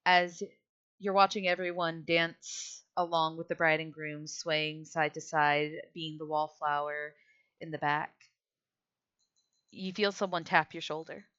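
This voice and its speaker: Woman gm narrating slow and descriptive, bright clear voice, muffled audio. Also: deep voice, level tone. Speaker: game master. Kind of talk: narrating a tabletop game.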